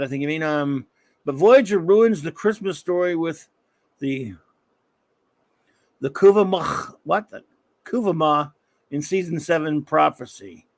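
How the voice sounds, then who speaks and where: A man's voice: on the high side, lively intonation, normal speed, creaky, dry recording. A middle-aged man hosting a live stream, rambling and joking as he answers chat comments. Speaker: live-stream show host.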